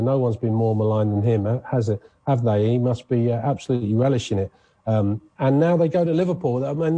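A man talks football on a morning radio show, chatty and rambling, restarting his sentences as he goes. His voice is mellow and slightly husky. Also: medium pitch. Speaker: sports presenter. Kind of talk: casual radio sports chat.

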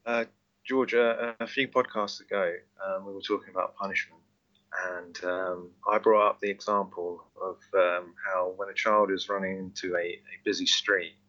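A man joining a podcast discussion on a call, halting, with many fillers and restarts. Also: low voice, little pitch movement, pushed and bright, highs cut off. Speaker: podcast guest.

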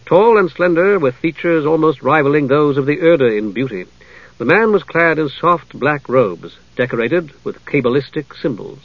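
A man narrating a fantasy audiobook in a measured storytelling manner. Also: fairly high pitch, animated, no echo. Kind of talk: scripted narration. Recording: dull lo-fi dry recording.

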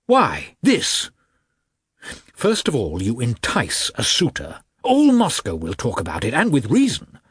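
A man reading an audiobook voices an irate elderly prince who shouts and rants at his wife. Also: mid-range voice, wildly swooping pitch, normal speed, slightly rough, dry recording, clean studio sound, exaggerated voice. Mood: angry. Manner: shouting, ranting, scornful. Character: irate elderly male prince, blustering father.

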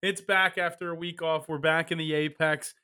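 Bright-voiced man hosting a betting show. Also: on the high side, level tone, clean tone. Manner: quick, joking, moves the show along. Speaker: podcast host. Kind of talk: casual sports betting chat.

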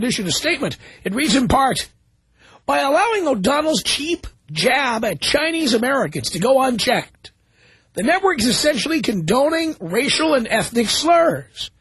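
A man's voice: very high voice, fairly bright tone, husky, dry recording. A man hosting a talk radio show, reading news stories aloud and commenting on them sarcastically.

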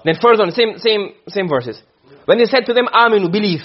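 Expressive and a little fast, this high-voiced man works through a classroom lesson on Quranic rhetoric. He asks his own questions and then answers them, in a dull lo-fi recording.

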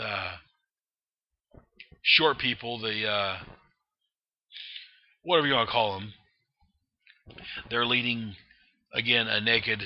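A comic book reader and reviewer with a mid-range voice casually describes a comic, rambling with plenty of fillers and restarts. The dull lo-fi recording has no echo.

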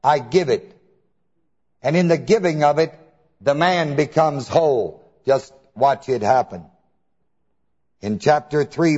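A husky, darkish, higher-pitched male voice delivers a sermon, asking the congregation to finish his words and spelling terms letter by letter. It's a dull lo-fi recording with long hall reverb.

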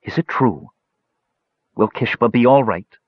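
A man's voice: mid-range voice, big pitch swings, normal speed, breathy edge, dry recording, pitched above the performer's own voice. A tearful, guilt-stricken woman weaver, as a man puts her on. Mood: sorrowful. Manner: soft, tearful pleading. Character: grieving woman weaver, gentle and guilt-ridden. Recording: slightly dull lo-fi audiobook recording.

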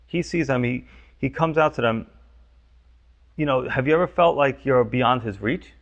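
Male pastor, casual preaching with lots of "you know", gravelly tone, muffled recording. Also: medium pitch, normal speed. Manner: conversational, frequent "you know" and "right?". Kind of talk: sermon.

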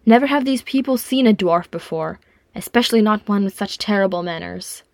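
A woman's voice: mid-range voice, lively intonation, brisk, gravelly, darkish tone, dry recording. A woman reading aloud and voicing a male elf who speaks lightly and teasingly. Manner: light, mocking.

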